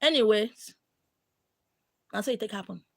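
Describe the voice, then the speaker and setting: A woman's voice: mid-range voice, moderate pace, creaky. A Nigerian woman hosting a live stream who tells stories candidly and animatedly, slipping into pidgin. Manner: animated, mixing in pidgin, acting out quotes.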